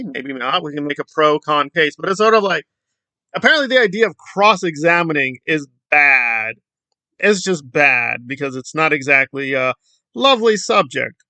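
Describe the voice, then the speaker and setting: Sarcastic man with a gravelly voice. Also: fairly high pitch, sharp tone, no room sound. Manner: sarcastic, mocking, rhetorical. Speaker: commentary channel host. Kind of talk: opinion vlog commentary.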